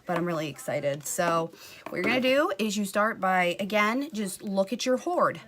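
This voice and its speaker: A woman's voice: medium pitch, fairly bright tone, slight background noise. Profane, self-mocking woman vlogger. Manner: often drops into a whisper. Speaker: makeup vlogger. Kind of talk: casual comedic makeup tutorial.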